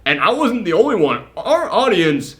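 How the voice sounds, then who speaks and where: A young man co-hosting a casual movie review chat, excitable and swearing freely as he acts out quotes. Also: high voice, normal speed. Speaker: co-host of a movie review show.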